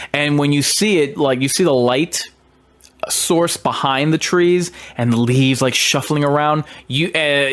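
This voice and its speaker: A man's voice: medium pitch, a bit bright. A man, a horror host, talking through a film in an emphatic, argumentative monologue with hesitant restarts.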